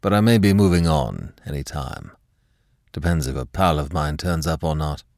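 A man's voice: rumbling low, normal speed, vocal fry, darkish tone, no echo, studio quality, voice pushed down. A narrator doing a stiff, formal young Englishman.

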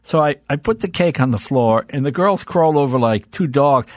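An older man telling show-business anecdotes as a guest comedian. His voice sits a little high and swings a lot. The close mic sounds dry. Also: dry recording. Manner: brisk, animated, does voices in his stories. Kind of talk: anecdotal storytelling.

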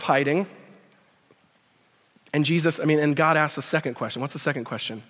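A man preaching a sermon at a university, full of rhetorical questions, building to emphatic peaks and dropping to a quiet prayer. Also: a little high, a little fast, long pauses. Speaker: speaker at a university chapel. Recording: long hall reverb.

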